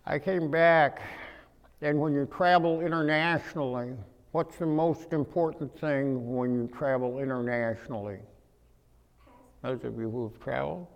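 A man preaching a humorous storytelling sermon, animated, acting out voices and swinging from quiet to loud. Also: mid-range voice, a little slow, vocal fry. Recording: echoey hall.

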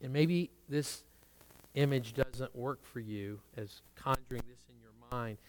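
A man preaching a sermon, rising to strong emphasis and dropping to quiet asides. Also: mid-range voice, measured pace, no echo. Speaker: pastor.

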